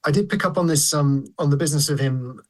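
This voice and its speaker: A man co-hosting a podcast, chatting casually in a measured, hesitant, dry way. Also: fairly high pitch. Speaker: podcast co-host.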